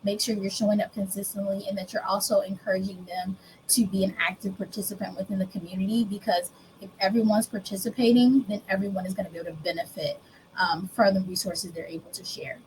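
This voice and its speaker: A woman business coach giving a workshop presentation, conversational and animated, often acting out dialogue with her clients. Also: medium pitch, fast talker, slight background noise, low-quality recording.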